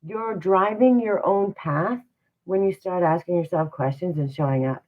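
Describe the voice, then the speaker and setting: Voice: medium pitch, normal speed. A livestream host giving a motivational talk, encouraging and repetitive, full of rhetorical questions. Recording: tinny phone-like audio.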